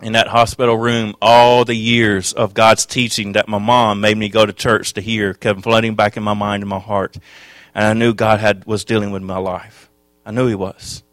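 A man preaching a sermon, telling his own testimony with passion, dropping to a hush and then rising loud. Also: on the low side, no room sound. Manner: impassioned, swings from hushed to loud.

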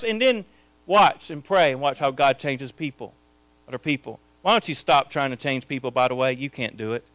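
A man preaching a sermon as pastor, his delivery swinging between hushed, intimate lines and loud, impassioned proclamations. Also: medium pitch, lively intonation, normal speed, no echo.

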